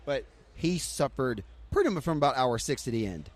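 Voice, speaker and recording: Fast-talking excitable man telling a story. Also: medium pitch. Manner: excitable storyteller, acts out what others said. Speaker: podcast guest. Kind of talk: casual chat.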